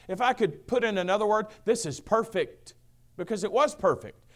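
A middle-aged male pastor preaching a sermon, booming then dropping to a hush, acting out quoted voices. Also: expressive, brisk. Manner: swings from booming to hushed, acts out quotes.

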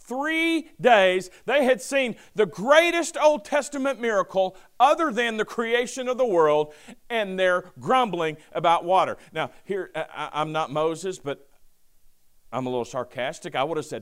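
Lively, high-voiced preacher man. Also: measured pace. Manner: lively preaching with asides and quoted scripture. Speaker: pastor. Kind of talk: sermon.

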